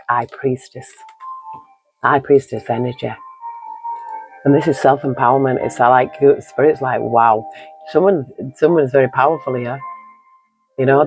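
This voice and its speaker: A man's voice: mid-range voice, a little mellow, husky, dull audio. A man giving an earnest, encouraging tarot card reading, rambling and repeating himself often. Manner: rambling and repetitive, leaning on "you know". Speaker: tarot reader.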